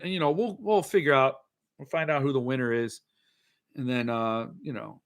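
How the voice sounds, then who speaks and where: A man's voice: mid-range voice, bright, forceful tone. A middle-aged man hosting a casual live show, rambling and joking as he reads viewer comments aloud. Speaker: podcast host. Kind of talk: casual livestream chat.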